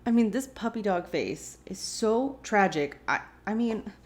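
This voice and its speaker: A woman's voice: medium pitch, unhurried. A woman hosting a rewatch show, casually recapping an episode and reacting with feeling as she retells it. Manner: expressive, reacts emotionally while retelling.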